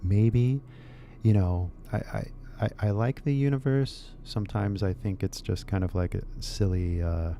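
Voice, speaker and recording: Man, Californian accent, gravelly fry, laid-back rambling, casual English lesson. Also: lowish voice, warm tone, lo-fi sound, slight background noise. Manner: laid-back, musing, drawn-out phrases. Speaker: English teacher.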